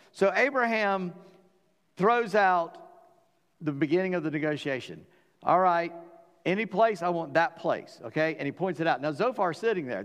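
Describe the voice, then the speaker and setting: Animated Southern pastor in a reverberant hall. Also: male voice, fairly high pitch. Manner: animated, acting out dialogue in voices. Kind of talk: sermon.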